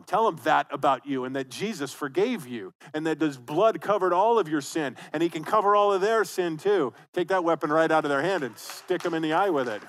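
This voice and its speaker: A man's voice: a little high, slight background noise. Emphatic conversational male preacher. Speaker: pastor. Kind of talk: sermon.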